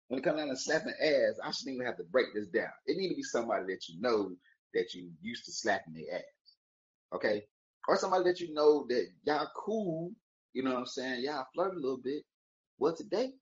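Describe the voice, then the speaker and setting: Brisk and lively in intonation, this man's fairly high voice comes through lo-fi sound. He's a vlogger giving a casual motivational talk to camera, rambling playfully with jokes and wordplay and wishing viewers a good day.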